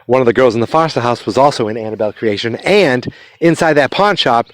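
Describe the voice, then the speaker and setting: A man's voice: medium pitch, lively intonation, fast, no echo. A man hosting a podcast, casually retelling a movie's plot in a loose, rambling way, with many fillers and restarts. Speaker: podcast host.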